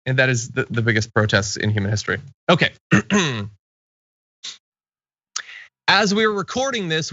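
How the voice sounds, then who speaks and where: A man's voice: a little high, bright, forceful tone, no echo, lo-fi sound. A man hosting a casual news talk show, reading out viewer comments and laughing easily with his co-host.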